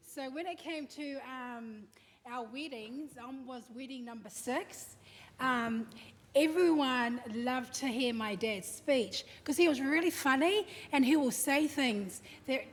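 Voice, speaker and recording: A woman gives a family tribute at a service. She tells stories in a chatty way, with many ums and you-knows. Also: sits high. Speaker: daughter giving a family tribute. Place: church hall. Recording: reverberant hall, faint background noise.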